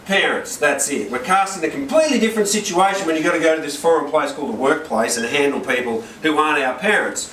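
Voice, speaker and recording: Lively man presenting a workshop. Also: a little high, quick pace, few pauses. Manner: energetic storytelling, asks the room for agreement. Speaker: corporate trainer. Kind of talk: workshop talk to a live audience. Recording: roomy and distant, with noise.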